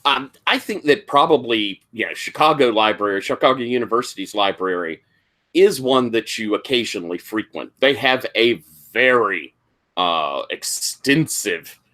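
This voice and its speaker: Unhurried, bright-voiced game master. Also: medium pitch. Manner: unhurried, lively storytelling. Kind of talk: narrating a tabletop game.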